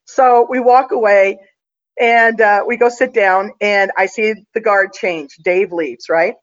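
A woman's voice: medium pitch, fairly even intonation, slow, lo-fi sound. A woman guest telling a story in a casual, confident, chatty way, with plenty of fillers.

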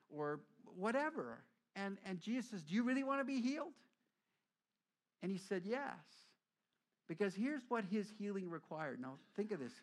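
Man, middle-aged pastor, lively storytelling sermon, slightly high voice. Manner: animated storytelling, acting out quoted voices.

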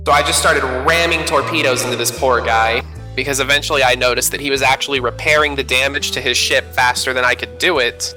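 A man from the American South with a very bright, forceful, sharp voice recounts a video game adventure. His casual podcast storytelling is full of "uh" fillers. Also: mid-range voice, steady tone, quick pace, faint music behind, rough recording. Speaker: podcast co-host. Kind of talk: casual gaming chat.

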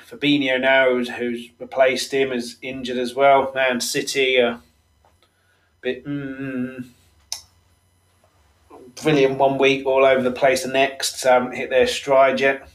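A man's voice: mid-range voice, poor audio. A man hosting a solo football podcast, chatting casually with lots of fillers and self-corrections. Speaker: podcast host.

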